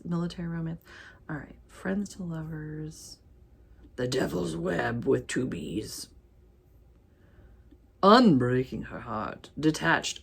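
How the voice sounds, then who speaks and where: Chatty woman vlogger, low voice that swoops widely, reading titles with playful asides. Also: gravelly, breathy edge. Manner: chatty, animated, reads titles aloud with quick asides and laughs. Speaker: book vlogger. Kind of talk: casual chat while sorting ebooks.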